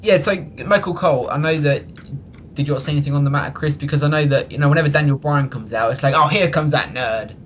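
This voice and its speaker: A man co-hosting a casual podcast chat, opinionated and quick to restart his sentences. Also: on the high side, a little hiss or hum. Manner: chatty, opinionated, restarts often. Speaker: podcast co-host.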